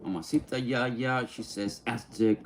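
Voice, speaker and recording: A man's voice: medium pitch, fairly even intonation, a little hiss or hum. A man chatting casually on a livestream, reading viewer comments and mixing English and Spanish slang. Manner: easygoing, mixes English and Spanish slang, sounds out names slowly.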